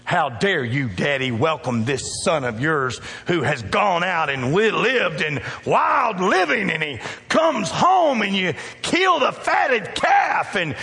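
A male preacher acting out a resentful older brother who shouts his jealous complaint in a sermon. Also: sits high, sing-song, slow, hardly any pauses, pitched above the performer's own voice, full character voice. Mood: indignant.

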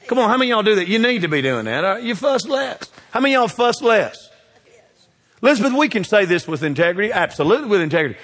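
Pastor preaching in a hall. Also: male voice, high-pitched, sing-song, fast talker. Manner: swings between loud exhortation and hushed asides. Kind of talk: sermon.

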